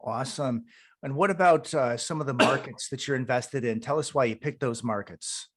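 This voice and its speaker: A man's voice: mid-range voice, normal speed. A man hosts an interview podcast, upbeat and encouraging with his guest. He has an ordinary mid-range male voice and often breaks into laughs between his questions. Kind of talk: casual interview.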